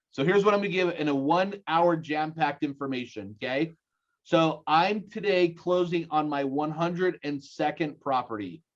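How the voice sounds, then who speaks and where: A man in his forties with a Utah accent leads a lively seminar, throwing questions at his audience. His voice sits a little high for a man. The sound is dull and lo-fi, like audio sent over a video call. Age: 40s. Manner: energetic, rallying the audience with questions. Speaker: guest speaker. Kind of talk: live seminar presentation.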